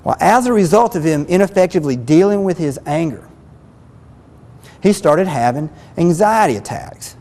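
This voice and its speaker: A man's voice: fairly high pitch, animated, moderate pace, dark tone. Man teaching, in a long-echo hall. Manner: earnest, plain-spoken, repeats phrases. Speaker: relationship counselor. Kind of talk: spoken self-help lesson.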